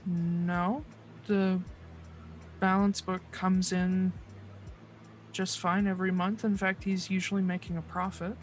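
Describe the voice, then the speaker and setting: A game master voicing a wary young woman under questioning, answering in halting, hesitant bursts. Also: mid-range voice, flat delivery, faint music behind, natural voice. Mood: guarded. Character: wary young half-orc-related woman, guarded clerk.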